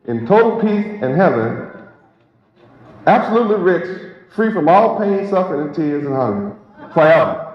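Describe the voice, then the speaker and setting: A man preaching with emphasis, repeating his points and firing rhetorical questions at his audience. His voice sits fairly high for a man. The recording is roomy and dull, with a large crowd audible around him. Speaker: preacher and teacher. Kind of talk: sermon. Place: hall with a live congregation.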